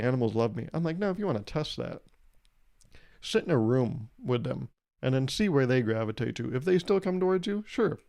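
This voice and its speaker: A young man riffs through a comedic podcast monologue, wry and rambling, dropping casual swears. His voice is mellow and warm, sitting in an ordinary middle pitch. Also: creaky. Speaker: podcast host.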